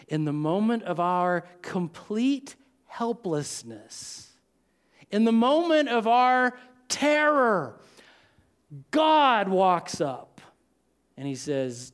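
Dramatic, smooth-voiced preacher man. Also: sits high, sing-song. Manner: dramatic, swings from loud to hushed with long pauses. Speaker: pastor. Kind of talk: sermon.

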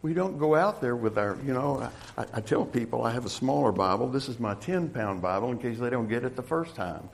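A middle-aged male pastor preaching a sermon, swinging from loud, emphatic calls to the congregation to quiet, hushed storytelling. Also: medium pitch, animated, moderate pace, creaky.

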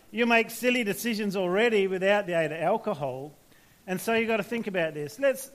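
Male preacher, higher pitch, relaxed storytelling delivery for a youth talk. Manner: conversational, anecdotal, frequent restarts and tag questions. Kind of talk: sermon to young people.

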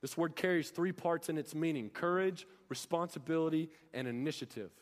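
Speaking fairly quickly, a young man whose voice is a bit higher than most men's gives an earnest sermon, firing rhetorical questions at his congregation. His words ring through a church hall with a long reverb tail.

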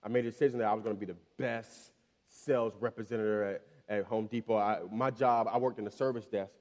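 A man in his thirties preaching a sermon, telling a story with many restarts and repeated words, then building in pitch and volume as he preaches. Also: steady tone, fast, a little mellow. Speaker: pastor. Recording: long reverb of a large hall.

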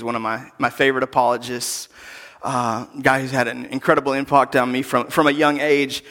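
A man preaching, his voice high and bright. He delivers the sermon with energy and acts out the people he quotes. He sometimes sinks to a hushed near-whisper to stress a point. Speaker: pastor.

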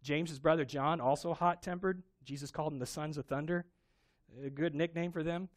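A man preaching a sermon, telling a Bible story with animated emphasis. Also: fairly high pitch, a little fast. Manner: animated storytelling, acting out quoted voices. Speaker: pastor.

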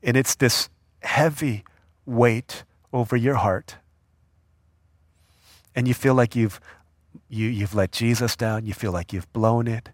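A man's voice: mid-range voice, takes it slowly, pauses often, no room sound, studio quality. A man preaching a casual sermon, telling the story with slang and acting out the people in it. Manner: animated storyteller acting out voices. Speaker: youth pastor.

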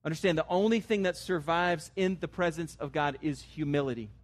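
A man's voice: a little high, fairly quick. A man preaching a sermon as pastor, earnest and conversational, rising to emphatic stresses on key words. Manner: conversational asides with fillers.

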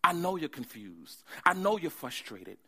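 A man's voice: on the high side, sing-song, unhurried, pushed and bright, husky, full character voice. A man voicing God's messenger, consoling at first and building to emphatic promises. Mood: rousing. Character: God's messenger, comforting and rousing.

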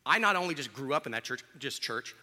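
A man's voice: medium pitch, animated, quick pace, pushed and bright, big-room sound. A man in his fifties, a pastor, giving a candid, conversational sermon in a church. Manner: candid, conversational, self-deprecating. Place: church sanctuary.

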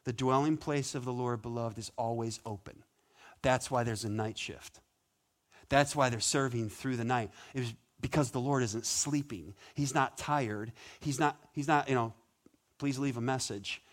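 A man preaching a sermon as pastor, conversational and animated, with playful asides. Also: medium pitch, moderate pace.

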